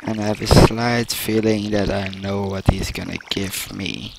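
Slow, low-voiced man doing game commentary. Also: fairly even intonation, vocal fry. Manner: casual, chatty, explains gameplay. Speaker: gameplay video host. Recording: loud background noise.

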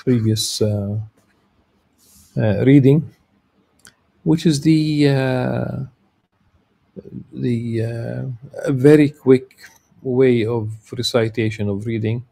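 A man giving a lecture, reading a religious text and explaining it in a halting way, with many filler sounds and restarts. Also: medium pitch, fairly even intonation, creaky, mellow.

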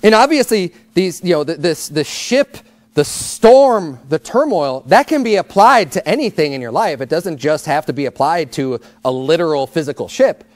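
A man's voice: on the high side, lively intonation, moderate pace, dry recording. A male pastor preaching a sermon in a conversational, emphatic way, often repeating words as he goes.

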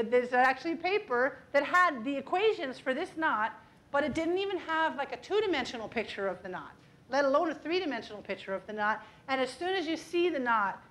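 High-voiced, enthusiastic woman lecturing. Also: a bit bright. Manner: enthusiastic, chatty, frequent "okay?" and "right?". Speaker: mathematician giving a public talk. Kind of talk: lively public lecture with demonstrations.

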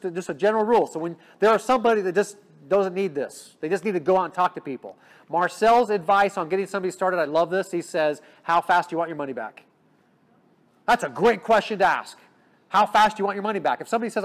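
A man giving an energetic business training talk, coaching his audience with frequent rhetorical check-ins. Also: sits high. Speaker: sales trainer.

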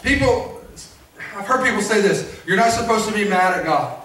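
A man's voice: sits high, animated, moderate pace, sharp tone. A male preacher giving a sermon in a church, repeating phrases and calling for responses from the congregation. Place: church sanctuary. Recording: echoey church from a distance.

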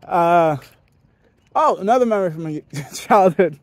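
A man's voice: high-pitched, animated, takes it slowly, dry recording. A young man rambling through a casual podcast monologue, profane and often laughing. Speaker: podcast host.

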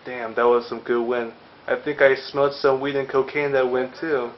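A man's voice: mid-range voice, flat delivery, normal speed, slight background noise. A young man giving casual gameplay commentary as a let's play host, joking and cursing playfully. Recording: slightly dull audio with faint game music.

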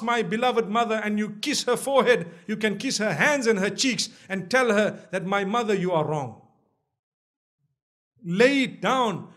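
A man delivers a sermon in a strikingly high voice. He speaks with passion, climbing to emphatic peaks and slipping into quoted voices to make his points before a listening audience. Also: a bit bright. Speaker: Islamic preacher. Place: lecture hall before an audience.

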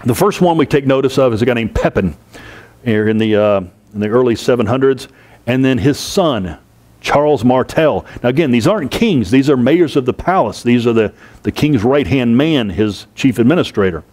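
A man at mid pitch giving a history lecture in a plain, steady voice. He explains by repeating key terms and slowing down to stress them, with the occasional rhetorical aside to his students. His delivery is unscripted classroom talk with small fillers and restarts.

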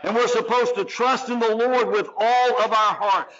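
A man preaching a sermon as pastor, swinging between loud, drawn-out phrases and hushed, quiet lines. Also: very high voice, fairly even intonation, dull audio. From Georgia, US.

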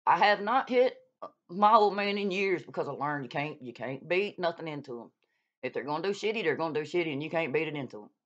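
Her low, slightly bright voice moves quickly, with lively ups and downs in intonation. As a YouTube vlogger, she scolds another creator bluntly and with swearing in a heated, informal rant. The recording has a dull, lo-fi quality.

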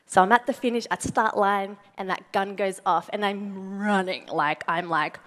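Woman motivational speaker, young adult, animated storytelling, asks the audience questions, acts out her own lines, voice of moderate pitch. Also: normal speed, few pauses. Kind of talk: storytelling keynote talk to a live audience.

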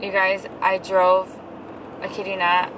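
A woman's voice: medium pitch, completely flat delivery, slow pace. A woman telling a story about her son in a casual vlog, chatty, full of fillers and restarts, while in a car. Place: in a moving car. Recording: loud road noise from a car.

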